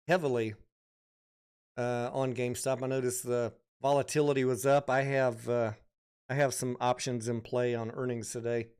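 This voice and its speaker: A middle-aged man casually commenting on stocks during a livestream, thinking out loud and reading viewer comments aloud. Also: mid-range voice, clear, resonant tone. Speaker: stock market livestream host.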